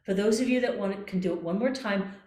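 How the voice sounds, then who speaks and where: Woman voice coach talking folks thru breathing drills, calm and coaxing, kinda roomy echo. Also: mid-range voice, brisk. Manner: calm, coaxing, repeats cues. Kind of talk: guided breathing exercise instruction. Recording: echoey room.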